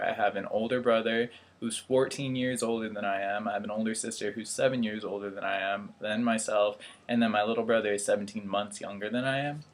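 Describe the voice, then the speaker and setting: Rambling, self-mocking young man. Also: on the low side. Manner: rambling, self-deprecating, laughs at himself. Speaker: vlogger, airman. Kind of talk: casual vlog chat.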